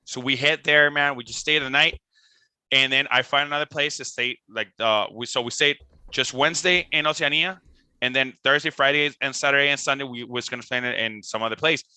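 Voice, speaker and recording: A young man from Costa Rica, a band member telling a tour story in a casual, animated way, full of "like" and restarts. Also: mid-range voice, a little fast, smooth, no room sound. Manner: animated, swearing, lots of "like" and restarts. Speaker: band member, podcast guest.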